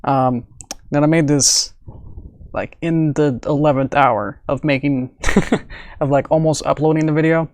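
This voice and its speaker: A man's voice: fairly high pitch, steady tone, measured pace, dry recording. A man who animates, chatting casually on a live stream about his work. He rambles, uses many fillers and laughs often. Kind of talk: casual livestream chat.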